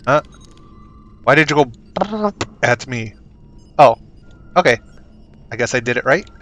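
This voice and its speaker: A man streaming a game, chatting casually, reacting excitedly and reading game text aloud. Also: medium pitch, unhurried, soft background music. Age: adult, not young. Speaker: gaming streamer. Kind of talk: casual let's-play commentary.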